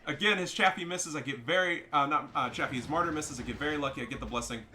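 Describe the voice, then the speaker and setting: A young man giving casual, profane, excitable commentary over his own strategy game match. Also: mid-range voice, fast. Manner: profane, excitable, trash-talking. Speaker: gameplay commentator.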